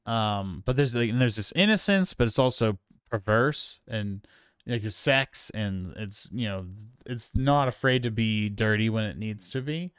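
A man's voice: on the low side, unhurried, a bit bright, smooth, no room sound, studio quality. A man co-hosting a casual film review chat, rambling with many fillers and restarts. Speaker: podcast co-host.

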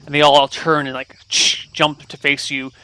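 A man running a tabletop game as game master, narrating in a relaxed, conversational way with some fillers. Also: fairly high pitch, measured pace, clean tone.

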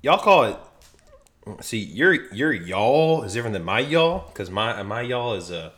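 A man's voice: medium pitch, very animated, a little slow, a bit bright. A man from Philadelphia, a podcast guest, chatting casually and rambling as he loses his thread. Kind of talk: casual chat.

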